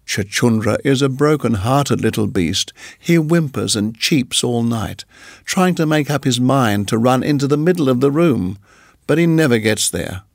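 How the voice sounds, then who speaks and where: A man narrating a storybook in a measured, even reading voice. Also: mid-range voice, gravelly, no echo, studio quality.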